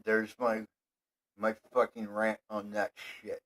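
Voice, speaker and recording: A man hosting his own show, delivering a profane, rambling monologue that swears constantly and flares into heated yelling. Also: on the low side, monotone, slow pace, slight background noise, rough recording.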